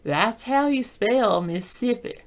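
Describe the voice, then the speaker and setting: Telling rambling stories during a casual video chat, a woman from the American South spells out words letter by letter. Her voice is on the high side and lively in intonation, her pace a little slow.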